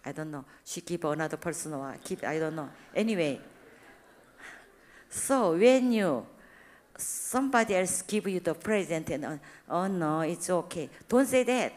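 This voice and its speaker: A woman's voice: fairly low pitch, moderate pace. Korean-accented woman preaching animatedly. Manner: broken English, animated retelling of dialogue. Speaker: church speaker. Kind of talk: sermon with anecdotes.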